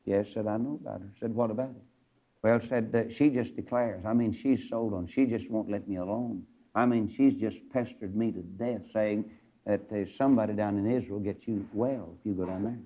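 A man preaching a fiery old-time sermon, acting out Bible characters in sudden shouts. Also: fairly low pitch, moderate pace, dull audio.

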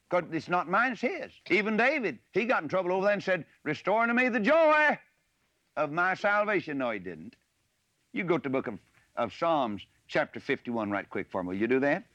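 A man preaching a sermon, mixing folksy personal asides with loud, rising emphasis on scripture verses. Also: fairly high pitch, dry recording. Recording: dull lo-fi recording.

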